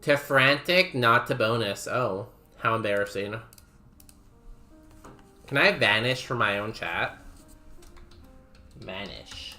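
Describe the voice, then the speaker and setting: Chatty young man with a bright voice. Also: lowish voice, slow, long pauses, faint music behind. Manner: laughs often, chatty, says "like" a lot. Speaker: streamer. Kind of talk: casual chat while playing a game.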